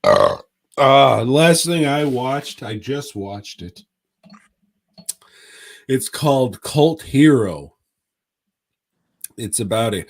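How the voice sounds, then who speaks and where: A male podcast co-host chats about movies in a laid-back, rambling, profane way, giving a casual review. His mid-range voice is creaky, with huge pitch swings, drawn-out words and long pauses.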